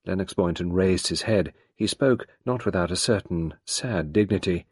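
A man narrating a novel as an audiobook reader, expressive and steady. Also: deep voice, normal speed, few pauses, slightly rough, no room sound, clean studio sound.

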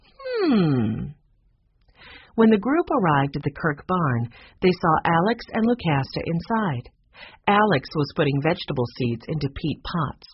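Husky, lively children's book reader. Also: mid-range voice, normal speed, dry recording, muffled recording. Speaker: storybook reader.

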